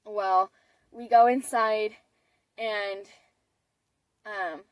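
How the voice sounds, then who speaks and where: A woman's voice: medium pitch, steady tone, very slow, dry recording, dull audio. A woman of about twenty telling a personal story in a chatty way, with many fillers and restarts. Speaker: vlogger. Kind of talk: casual storytelling.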